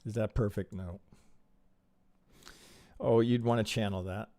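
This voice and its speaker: This is a man streaming live while he reviews trading charts, speaking in a lively, rhetorical manner full of restarts and tag questions. He has a rather low voice and talks a little slowly.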